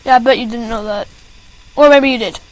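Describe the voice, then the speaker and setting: A teenage girl with a fairly quick, high voice vents to the camera about school. She rambles with lots of fillers and restarts and stops to apologize. The recording is rough, with no echo.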